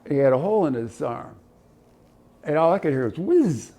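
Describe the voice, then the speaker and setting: An older man in his seventies, a veteran from Ohio, recounts his military stories for an oral history interview at normal speed. His voice is fairly high, and he animates the tales by performing voices and sounds.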